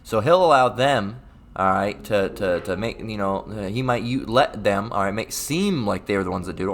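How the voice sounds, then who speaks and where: In a casual livestreamed Bible lesson, a man with a somewhat low but fairly bright voice teaches scripture online. Slow, deliberate readings of scripture alternate with rambling talk full of repeated words and frequent "all right?"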